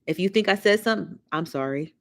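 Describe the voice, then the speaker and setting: A woman runs a casual livestream, reading comments aloud and gossiping with plenty of sass. Her voice sits on the low side, and she sprinkles in "honey" and "child" with the odd hushed aside. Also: fast. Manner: sassy and gossipy, calls viewers honey and child. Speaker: livestream host.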